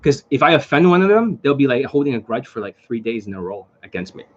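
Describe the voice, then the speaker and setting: Husky-voiced man, blunt rambling coach. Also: medium pitch, big pitch swings, quick pace, darkish tone. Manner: rambling and blunt, with frequent profanity and fillers. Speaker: dating coach. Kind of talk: unscripted monologue to camera. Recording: dull lo-fi recording.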